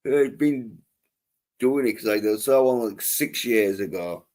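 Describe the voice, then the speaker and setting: Brief: male livestream host, unhurried drawl, crude and rambling. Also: mid-range voice, a little mellow. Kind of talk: casual chat.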